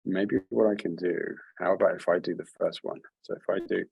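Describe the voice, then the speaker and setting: A man's voice: low voice, fairly even intonation, fairly quick, gravelly, darkish tone, slightly rough, no room sound, low-quality recording. A man leading an online writing workshop over a video call, speaking in a friendly, encouraging way with frequent restarts. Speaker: workshop leader.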